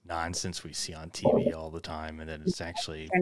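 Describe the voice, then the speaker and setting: A man hosting a casual interview, giving relaxed, affirming reactions to his guest. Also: rumbling low, a little fast, a crowd in the background. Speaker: host.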